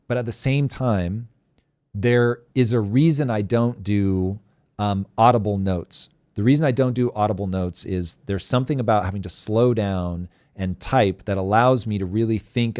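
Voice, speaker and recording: A man's voice: on the low side, normal speed, darkish tone, no room sound. A man hosting a live talk show, chatting bluntly and animatedly, swearing freely. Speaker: host. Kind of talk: casual live show chat.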